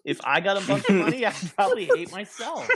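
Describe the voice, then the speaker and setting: A man's voice: sits high, huge pitch swings, fast talker, a crowd in the background. A man co-hosting a casual gaming podcast, ranting and mocking himself, laughing often. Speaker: podcast co-host. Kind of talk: casual chat.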